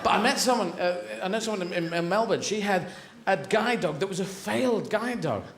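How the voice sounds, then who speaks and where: A man's voice: high-pitched, brisk. A British man doing a stand-up routine on a theatre stage, theatrical and rambling, jumping into silly character voices. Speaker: stand-up comedian. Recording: live theatre recording, roomy with loud audience.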